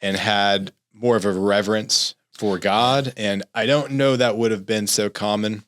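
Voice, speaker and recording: A man speaking on a podcast panel in a measured, detail-minded way. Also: fairly low pitch, steady tone. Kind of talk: casual panel discussion.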